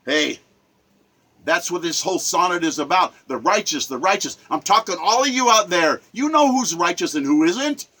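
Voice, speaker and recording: A man's voice: sits high, bright, forceful tone, poor audio. A man delivering an impassioned political monologue, emphatic and repetitive, preaching to his viewers. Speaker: political commentator and poet.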